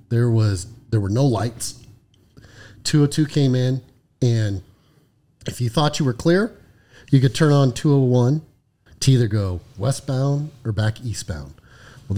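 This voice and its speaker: Podcast co-host, male, ex-patrol officer; warm, low-edged tone, casual storytelling, swears a lot. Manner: profane, frequent "right?" tag questions. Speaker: podcast co-host, former highway patrol lieutenant.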